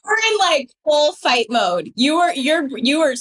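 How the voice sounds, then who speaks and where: Slow, high-voiced woman host. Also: big pitch swings, fairly bright tone. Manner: brief affirming interjections. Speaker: podcast host. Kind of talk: casual interview.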